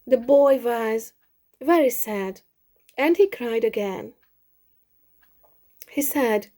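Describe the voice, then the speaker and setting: Woman, storyteller for learners, slow, expressive, repeats phrases. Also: a little high. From Hungary. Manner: slow, expressive, with many repetitions. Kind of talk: simple story read slowly for English learners.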